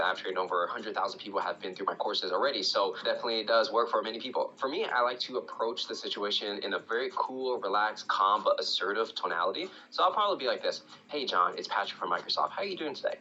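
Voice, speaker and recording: A man's voice: lowish voice, pushed and bright, lo-fi sound. A man teaching cold-calling techniques in a casual, coaching tone, often checking in with "right?" and acting out sample phone calls. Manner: conversational, coaching, frequent "right?". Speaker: sales trainer. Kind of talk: YouTube sales tutorial.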